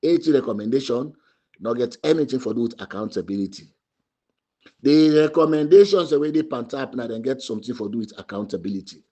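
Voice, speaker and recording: A man with a husky Sierra Leonean Krio English accent argues political points with real fire. He keeps hammering the same phrases and often climbs into loud, high bursts of emphasis. His pitch stays middling for a man. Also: animated, a little fast. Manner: emphatic, repetitive, rising to shouts. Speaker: party spokesman. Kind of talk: impassioned political commentary.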